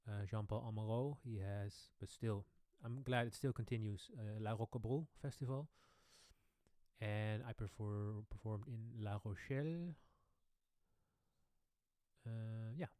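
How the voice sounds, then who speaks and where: A man, a pianist casually answering questions on his own live stream Q&A, relaxed and rambling. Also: fairly low pitch, unhurried, pauses often, no room sound, studio quality. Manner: relaxed, rambling, chuckling asides. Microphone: studio microphone.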